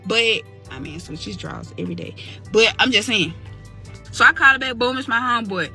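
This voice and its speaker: Bright-voiced young woman telling a story. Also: on the high side, fairly quick, vocal fry, soft background music. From Mississippi. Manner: candid, slangy, animated retelling with quoted dialogue. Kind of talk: casual storytime.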